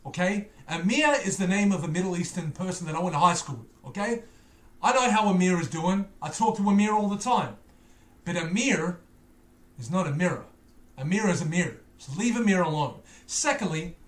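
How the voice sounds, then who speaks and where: A man's voice: high voice, sing-song, brisk, a bit bright, echoey room. A man with a Liverpool accent tinged by Australian, casually commenting on a music video, joking and ranting playfully with stammered repeats. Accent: Liverpool, softened by Australian. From Liverpool, England. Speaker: music reaction host.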